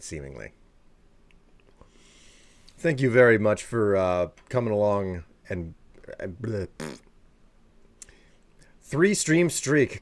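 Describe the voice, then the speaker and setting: A man with a very low voice talks in a loose, rambling way to his live-stream audience and answers their messages as they come in. He sounds sleepy and laughs easily. The sound is dry and close, with almost no room echo. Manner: chatty and rambling, reads and answers chat, laughs often. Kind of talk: casual live-stream chat with viewers.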